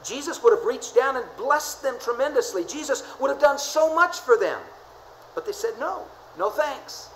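A pastor delivering a church sermon, repeating key phrases and swinging from hushed, slow passages to emphatic peaks. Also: high voice, expressive, slight background noise, poor audio.

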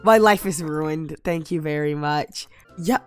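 A young woman giving casual gameplay commentary, exasperated and prone to loud outbursts. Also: low-pitched, measured pace, faint music behind. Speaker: gaming YouTuber.

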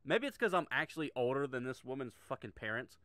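A man's voice: medium pitch, big pitch swings, fast, fairly bright tone, no room sound. A middle-aged man giving a sarcastic, heavily profane reaction commentary, often restarting his sentences. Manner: sarcastic, swears a lot, frequent restarts.

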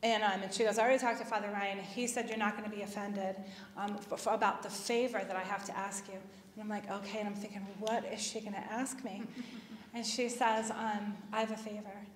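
A woman's voice: mid-range voice, flat delivery, brisk, a little hiss or hum. A middle-aged woman telling a personal story at a parish talk, chatty, with lots of fillers and acted-out dialogue. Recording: echoey hall.

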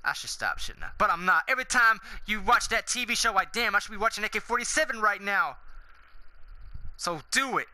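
A man hosting a gaming channel, rambling through a loud, profane, swaggering outro rant that veers from goofy self-mockery into hype. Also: high voice, big pitch swings, fairly quick, no echo, low-quality recording.

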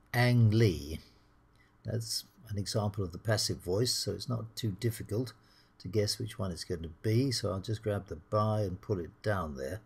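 A middle-aged British man with a husky voice, teaching English slowly and clearly over slides. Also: lowish voice. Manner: slow, clear teaching delivery, acts out the dialogue lines.

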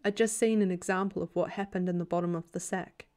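Calm woman reading a bedtime story. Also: lowish voice, fast talker. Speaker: audiobook reader.

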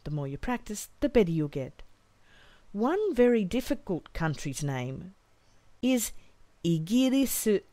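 A woman teaches a language lesson in a slow, deliberate way, stretching out each model phrase so learners can copy it. Her voice is lowish and mellow, yet it rises and falls with lively movement. The recording is dry and close. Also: no room sound.

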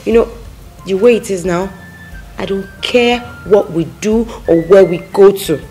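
A woman's voice: mid-range voice, unhurried, dark tone, faint music behind, lightly acted. A woman with a Nigerian accent, playing a restless young wife desperate for a child. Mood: distressed. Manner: distressed, complaining. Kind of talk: Nollywood film acting.

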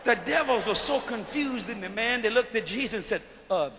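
High bright-voiced preacher guy shouting and joking, folksy, live arena echo, faint crowd noise. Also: animated, fairly quick. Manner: folksy, jokey, shouting then dropping low. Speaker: guest preacher. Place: large arena crusade. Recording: live arena sound with reverb.

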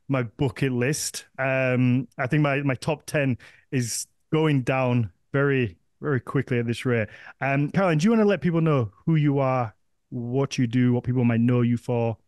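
A man's voice: medium pitch, a little mellow, dry recording, clean studio sound. A man with a Northern English accent hosting a podcast, chatting casually and rambling with frequent restarts. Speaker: podcast host.

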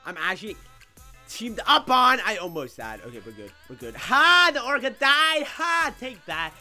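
A man hosting an excitable gameplay commentary, loud and frustrated, often yelling. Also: very high voice, normal speed, soft background music. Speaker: gameplay video host.

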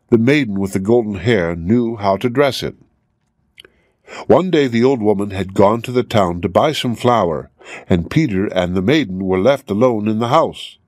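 A man narrates a fairy tale for English learners in a clear, measured reading. His voice sits fairly low, and the recording is close and dry with no room sound. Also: dry recording. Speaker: storyteller.

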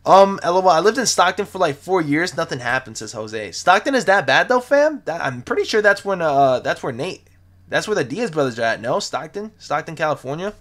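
A man's voice: fairly high pitch, big pitch swings, fairly quick, fairly bright tone. A young man hosting a livestream, chatting casually and reading out viewer comments in a laid-back, slangy way, often repeating himself. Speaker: sneaker livestream host. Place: home, lives in the city.

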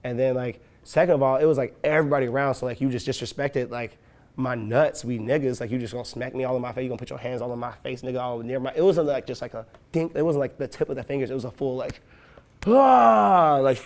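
Speaking fast at a medium pitch, a young rapper from Chicago relates profane, energetic anecdotes in an easygoing interview, mimicking the people he quotes.

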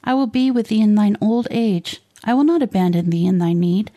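A woman's voice: mid-range voice, brisk, dark tone, close to an everyday voice. A woman reading the lines of a pious, earnest young village woman in archaic formal speech.

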